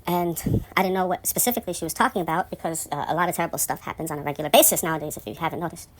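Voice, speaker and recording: A woman telling a story about her building in a casual monologue, rambling and profane, turning indignant and loud when exasperated. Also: deep voice, very fast, noisy background.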